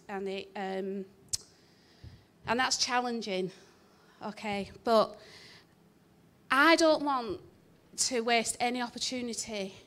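A woman's voice: fairly high pitch, a bit bright. A woman telling a church congregation a personal testimony, chatty and self-deprecating with many ums. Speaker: church member sharing a testimony.

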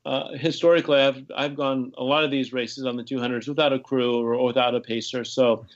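A man's voice: medium pitch, level tone, fairly quick, highs cut off. Rambling man telling race stories. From United States. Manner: rambling storyteller with frequent restarts and laughs. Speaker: podcast guest, ultrarunner. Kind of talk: casual conversation.

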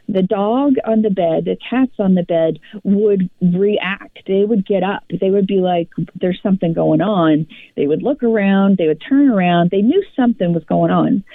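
Brief: female co-host, gravelly voice, animated rambling storyteller, dry thin phone-quality sound. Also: mid-range voice, no room sound. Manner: animated, rambling retelling with many restarts. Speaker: podcast co-host. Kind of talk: casual personal storytelling.

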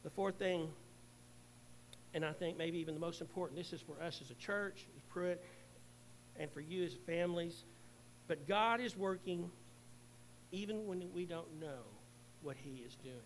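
A middle-aged male pastor preaching a sermon, earnestly, swelling loud and then dropping to a hush. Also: fairly high pitch, normal speed, pauses often, a little hiss or hum, rough recording.

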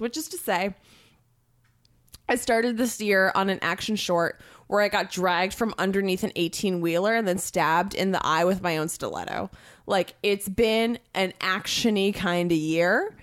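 A woman in her twenties, an actor, chatting casually with lots of swearing and big swings of pitch when she gets excited. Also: moderate pace. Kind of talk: casual chat.

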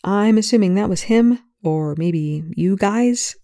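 A reader voicing a nervous, excitable young man, pitched a little above the narration. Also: measured pace, no echo, close to an everyday voice. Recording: dry close recording.

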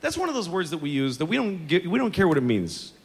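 A man's voice: a little high, very animated, fast. A man doing a stand-up routine, ranting and mocking with plenty of profanity, live before an audience. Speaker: stand-up comedian. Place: comedy stage before an audience. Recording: live show hall, audience laughter.

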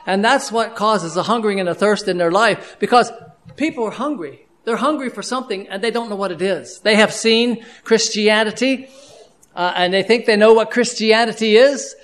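A man with a notably high voice preaching a sermon. He talks in an earnest, conversational way, stopping and restarting often, and drops to a hushed tone when he tells personal stories.

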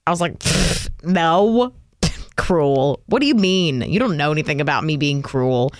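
A woman co-hosting a radio show, chatty and expressive, laughing often. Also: low voice, normal speed, no room sound, clean studio sound. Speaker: radio co-host. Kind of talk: casual radio banter.

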